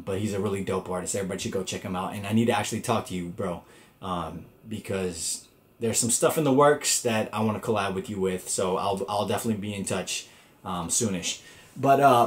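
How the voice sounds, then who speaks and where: Laid-back man telling a rambling story. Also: fairly low pitch. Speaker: podcast host. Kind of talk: casual storytelling chat.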